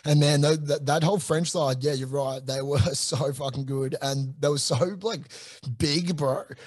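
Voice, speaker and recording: A young Australian man hosting a casual podcast chat, easygoing and peppered with swearing and "mate". His voice sits at a middle pitch but stays quite flat. The sound is close and dry. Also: normal speed, no room sound. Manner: laid-back, swears freely, lots of fillers and "mate". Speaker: podcast host.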